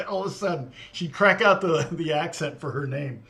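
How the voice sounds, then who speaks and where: A man's voice: a little high, moderate pace, creaky, a bit bright. Rambling, chatty middle-aged man. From Indiana. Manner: rambling and chatty, answers viewer comments, chuckles often. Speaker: livestream host. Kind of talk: casual chat.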